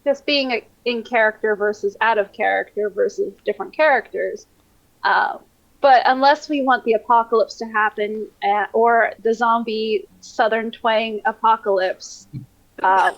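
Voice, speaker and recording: Woman, panelist, fairly high pitch, candid self-mocking chat, dull lo-fi sound. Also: measured pace, fairly bright tone. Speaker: panelist and player.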